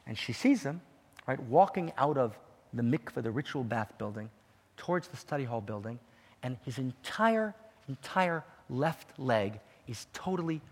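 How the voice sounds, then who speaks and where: A man tells a story as a teaching sermon, with dramatic swings and a habit of asking "right?". His voice is husky and a bit high. A long hall reverb trails each phrase. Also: a little mellow.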